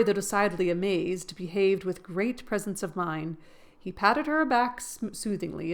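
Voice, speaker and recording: A woman reading a classic novel aloud, lending the characters' lines an expressive lift in her voice. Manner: reads expressively, voicing characters' lines with rising pitch. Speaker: audiobook reader.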